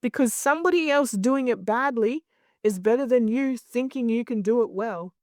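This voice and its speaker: A woman guest talking candidly in an interview, blunt and animated, swearing freely as she tells stories. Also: fairly high pitch, moderate pace, dry recording, clean studio sound. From Australia. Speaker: guest, clinical hypnosis director.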